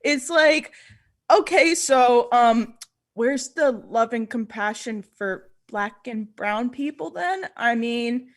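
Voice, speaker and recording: A woman co-hosts a casual political chat in a slightly high voice. She is dismissive and scoffing, with plenty of fillers like "like" and "you know". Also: slow pace. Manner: dismissive, filler-heavy, says 'like'. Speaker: co-host.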